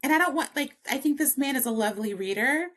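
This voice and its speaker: A woman's voice: high-pitched, lively intonation, quick pace, a bit bright. A woman guest on a podcast, explaining things eagerly in casual chat and laughing often. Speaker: podcast guest, consent educator.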